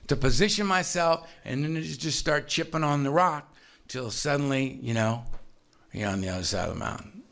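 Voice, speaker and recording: A man speaking in a relaxed, conversational way, telling a personal recovery story and acting out the people in it. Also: mid-range voice, moderate pace, gravelly. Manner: animated storyteller, acts out voices, laughs often.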